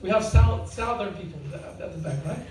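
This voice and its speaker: During an informal devotional talk, the speaker uses a mid-range voice at normal speed, joking and questioning listeners, who laugh often. The recording from a far-off mic in a large audience hall is very echoey, with crowd noise throughout.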